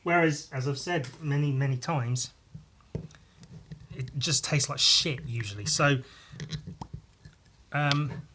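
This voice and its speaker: A man's voice: mid-range voice, takes it slowly, pauses often, sharp tone, slight background noise. A man hosting a podcast, talking alone in a casual, rambling way, swearing freely and breaking off mid-sentence. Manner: sweary, rambling, self-interrupting. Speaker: podcast host.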